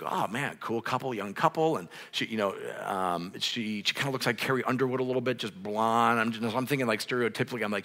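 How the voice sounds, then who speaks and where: A male pastor preaching a sermon in a casual, conversational way, with many restarts, growing louder and higher when stirred up. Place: church sanctuary, on a raised stage.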